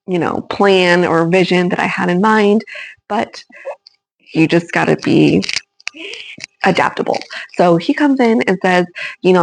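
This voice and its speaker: A woman's voice: lowish voice, creaky, poor audio. A young woman telling her birth story in a casual, chatty way, with many ums and likes.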